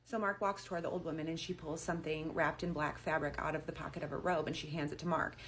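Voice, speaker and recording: A woman's voice: sits low, fairly even intonation, fast talker, fairly bright tone, a little hiss or hum. Chatty woman telling a storytime. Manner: chatty, uses like a lot. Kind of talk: casual storytime.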